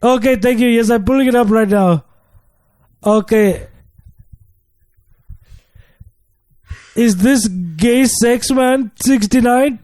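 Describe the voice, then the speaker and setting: A man voicing a pushy, officious male tech-support agent in an improvised comedy skit, speaking insistently and loudly. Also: extremely high pitch, unhurried, no room sound, voice pushed up.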